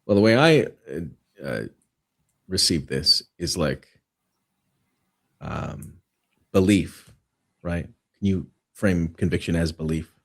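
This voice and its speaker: Canadian-raised male guest, very low husky voice, jokey and musing. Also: slow, pauses often. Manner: expressive, jokey, philosophical. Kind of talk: casual chat.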